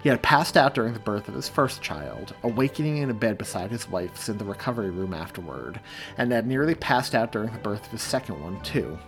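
Low-voiced man narrating a story. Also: soft background music. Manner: measured, steady storytelling. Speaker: author reading his own story. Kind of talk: audiobook narration.

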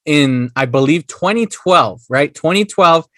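A man's voice: on the high side, expressive, measured pace, fairly bright tone, no echo, clean studio sound. A Chicano man co-hosting a podcast in casual chat, laughing a lot and swearing. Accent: Chicano English. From United States. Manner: laughs a lot, swears, slips into mock voices. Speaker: podcast co-host.

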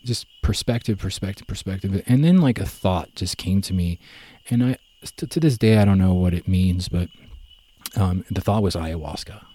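A young man telling his story in a relaxed, rambling way, full of fillers and self-corrections. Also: low voice, moderate pace, slightly rough. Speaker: guest. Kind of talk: casual conversational storytelling.

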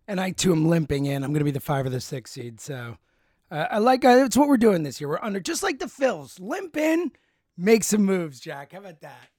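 A man with a fairly high voice chats about sports on a podcast, teasing and full of fillers, then jumping into loud bursts. The sound is dry and close. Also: big pitch swings, a little fast, dry recording. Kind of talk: casual sports chat.

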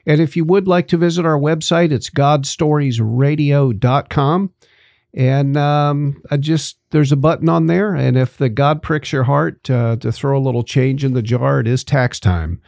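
A man hosting a talk radio show, wrapping up in a folksy, unhurried way with lots of pauses. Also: medium pitch, vocal fry, dry recording, clean studio sound. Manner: relaxed, folksy, halting with fillers. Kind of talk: casual chat.

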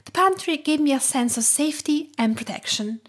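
A woman in her thirties from Tuscany with an Italian accent, calmly narrating her podcast in a measured, sometimes hushed way. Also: sits high. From Tuscany, Italy. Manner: calm, measured storytelling, often soft and hushed. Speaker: podcast host.

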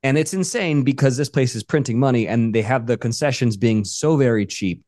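Dude cohosting a podcast, dry close mic, upbeat and jokey, mid voice. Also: male voice, mid-range voice, fairly quick, a little mellow, dry recording. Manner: upbeat, joking, enthusiastic storyteller. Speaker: podcast co-host. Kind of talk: casual chat.

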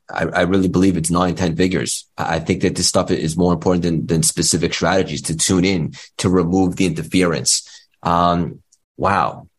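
A man hosting a live online community talk, effusive and emotional, stammering over his words. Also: low-pitched. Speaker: host.

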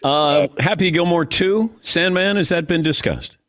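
A man's voice: a little high, a little slow, a bit bright. A man hosting a sports talk radio show, asking wry, teasing questions. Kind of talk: casual radio interview.

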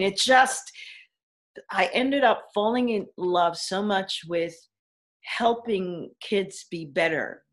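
A middle-aged woman from the Caribbean, an actor and educator, telling stories in a casual interview over a video call, laughing often and acting out what people said. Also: on the low side. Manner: animated storyteller, laughs often, acts out quotes.

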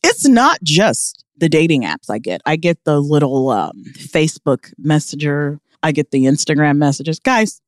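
Woman, podcast co-host, casual chat, blunt, animated, dry sound. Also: low voice, moderate pace, few pauses, no echo. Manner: blunt, exasperated, laughs often.

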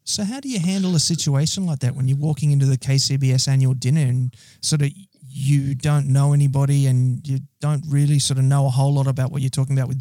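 A male interviewer asks long, meandering questions at a brisk clip. His delivery is flat and his tone is dark, recorded dry and close. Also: mid-range voice, dry recording.

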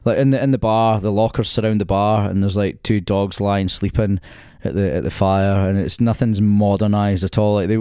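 A man's voice: lowish voice, steady tone, normal speed, hardly any pauses, mellow, clean tone, dry recording, clean studio sound. A man talking casually about golf courses as a podcast guest, chatty and laughing often, with stammering restarts.

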